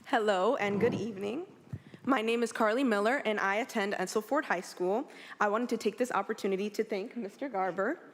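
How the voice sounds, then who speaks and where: A woman's voice: medium pitch, brisk, slight background noise. A teenage girl gives a composed, grateful tribute to her teacher. Her voice is mid-range. A long hall reverb follows each phrase. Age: teens. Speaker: high school student honoring a teacher. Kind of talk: prepared speech at a ceremony.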